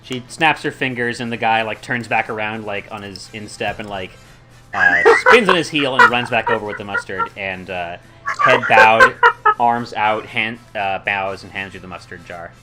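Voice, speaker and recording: A man's voice: fairly low pitch, very animated, normal speed, loud music behind the voice. A man narrating as game master of a tabletop game, loose and full of fillers and sound effects.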